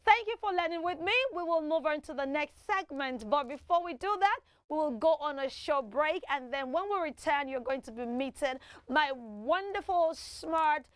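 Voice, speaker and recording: A woman's voice: high-pitched, normal speed, no room sound. A woman presenting a children's TV lesson, coaxing the kids through call-and-response pronunciation drills. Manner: animated, coaxing teacher who leads call-and-response drills.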